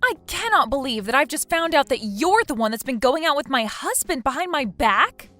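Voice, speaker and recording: Woman as indignant betrayed wife; bright, animated accusing voice. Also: high voice, normal speed, full character voice. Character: betrayed wife confronting her cheating friend. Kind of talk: text message story dialogue.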